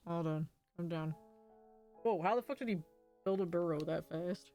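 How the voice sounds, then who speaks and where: A woman's voice: fairly low pitch, normal speed, mellow, faint music behind. A woman streaming a game, reading its story dialogue aloud and reacting with laughter and swearing in casual commentary.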